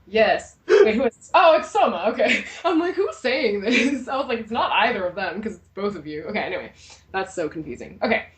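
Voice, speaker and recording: A woman's voice: mid-range voice, expressive, fast. A young woman co-hosting a casual review chat, bubbly and giggly. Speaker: co-host.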